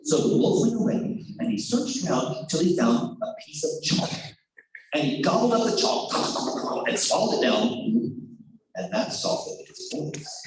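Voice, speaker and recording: A man telling a folk tale to children with a theatrical, animated delivery. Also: sits high, normal speed. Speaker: storyteller. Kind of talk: storytelling performance for children. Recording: echoey room, far mic, noisy.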